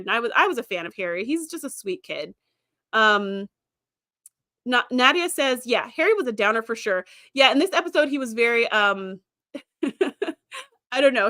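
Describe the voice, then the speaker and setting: A woman's voice: a little high, pushed and bright, no echo, studio quality. A young woman hosting a casual livestream, rambling through viewer comments with lots of ums, likes and easy laughter. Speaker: livestream host.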